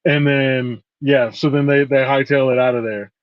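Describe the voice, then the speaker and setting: A man co-hosting a podcast, relaxed, recounting scenes step by step in casual chat. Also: medium pitch, normal speed, dry recording, lo-fi sound. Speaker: podcast co-host.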